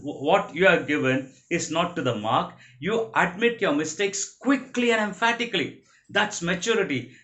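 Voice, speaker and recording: Guy lecturing a training class, fairly high voice, keeps repeating the main rules. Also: a bit bright. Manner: didactic, repeats key principles. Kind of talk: motivational training talk.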